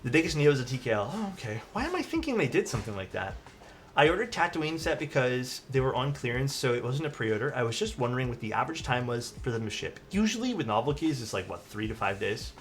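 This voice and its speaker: Man streaming a keyboard build, chatty and animated, with quiet music in the background. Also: mid-range voice, fast talker. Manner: chatty, answers chat questions, trails off and restarts. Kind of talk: casual livestream chat while building.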